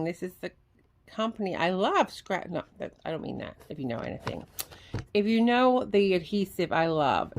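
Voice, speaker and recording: A middle-aged woman talks to her viewers from a recliner at home, her voice sitting a little low. She gushes over each item she pulls out of the box. Faint household noise hums behind her. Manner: excitable, gushing, talks to viewers. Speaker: craft vlogger. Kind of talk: casual unboxing chat. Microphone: camera on a tripod.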